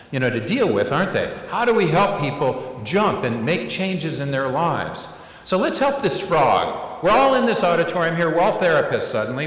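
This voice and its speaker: A middle-aged man giving an animated, playful keynote lecture in a large auditorium, acting out the voices he quotes. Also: on the high side, reverberant, big-room sound. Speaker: keynote speaker.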